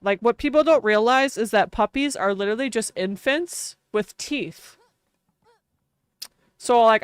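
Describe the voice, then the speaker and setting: A woman's voice: on the high side, clean tone, no echo, studio quality. A young woman streamer in casual chat, telling rambling, self-mocking stories while she plays a life-sim game.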